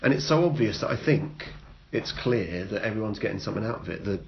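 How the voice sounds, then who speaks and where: Wry low-voiced man, podcast host. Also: animated, creaky. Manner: wry, dry joking, talks in halting restarts. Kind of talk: casual podcast chat. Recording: muffled low-fi sound with some noise.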